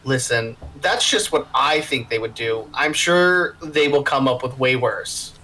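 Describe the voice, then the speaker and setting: A man's voice: mid-range voice, expressive, a little slow, bright, forceful tone, rough recording. A man playing in a tabletop game, defensive and chatty. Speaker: player.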